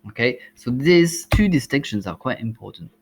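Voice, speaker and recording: A man's voice: mid-range voice, expressive, normal speed, creaky, slightly rough. A man with a French accent, a language teacher giving exam tips, explaining step by step with frequent ums and uhs.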